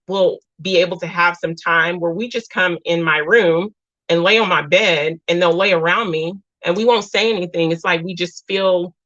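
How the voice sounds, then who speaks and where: A woman's voice: on the low side, a bit bright, dry recording, lo-fi sound. A woman in her thirties, a single mom, hosting a casual livestream and talking earnestly to her viewers. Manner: earnest, talks to chat as "y'all". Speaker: livestream host.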